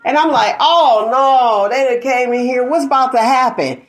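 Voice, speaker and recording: A woman's voice: high voice, animated, moderate pace. A woman hosting a talk show, chatting casually, laughing often and acting out quoted asides. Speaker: show host. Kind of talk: casual chat.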